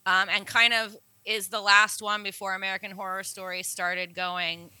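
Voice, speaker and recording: Woman, podcast co-host, casual chat, enthusiastic, very bright tone, dry close sound. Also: medium pitch, normal speed, smooth, no room sound, low-quality recording. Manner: lively, enthusiastic recapping. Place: New Orleans.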